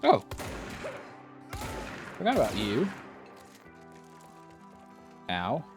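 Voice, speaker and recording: A man's voice: medium pitch, wildly swooping pitch, drawn-out words, vocal fry, music in the background. A man streaming a game live, joking animatedly and reading game text aloud. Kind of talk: live let's play commentary.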